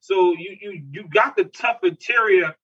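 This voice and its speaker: A man from Newark, telling animated stories in slangy casual chat and laughing often. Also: high voice, unhurried, slightly rough. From Newark, New Jersey. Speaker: podcast co-host. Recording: distant, dull lo-fi mic.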